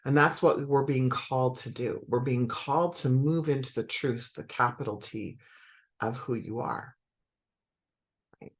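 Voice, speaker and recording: A woman's voice: a bass voice, measured pace. A middle-aged woman talking as a spiritual coach to her audience, conversational and reflective, with many fillers and self-corrections.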